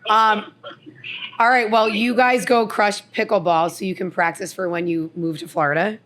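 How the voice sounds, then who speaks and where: A woman from New Jersey who co-hosts a podcast, talking casually in quick, chatty bursts. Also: mid-range voice, flat delivery, fairly bright tone, a little hiss or hum. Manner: chatty, quick, restarts and giggles. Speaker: podcast co-host. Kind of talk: casual chat.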